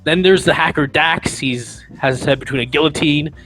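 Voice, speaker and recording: A man's voice: on the high side, normal speed, fairly bright tone, rough recording. A man running a tabletop game as game master, describing the scene casually with many fillers.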